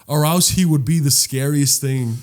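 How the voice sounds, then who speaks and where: A young man co-hosting a casual podcast, talking animatedly and restarting his sentences as he gets worked up. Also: normal speed. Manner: animated, rising pitch when worked up, trailing restarts. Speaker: podcast co-host.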